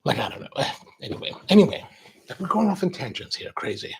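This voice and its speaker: A man's voice: high voice, big pitch swings, fast talker, vocal fry, slightly rough. A man hosting a coffee show, chatting casually in a rambling way, drifting off on tangents and restarting his sentences. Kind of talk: casual chat.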